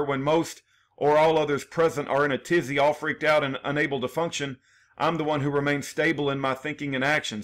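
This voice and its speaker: A man with a slightly high, fairly bright voice tells his side of the case as a defendant. He reads a prepared statement organized in numbered points, earnest and aggrieved, with a few small restarts.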